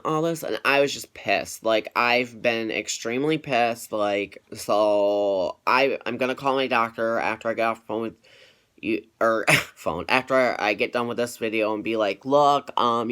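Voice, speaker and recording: A man's voice: medium pitch, a bit bright, clear, resonant tone. A young man, feeling unwell, casually retelling an irritating phone call in a rambling vlog update. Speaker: vlogger.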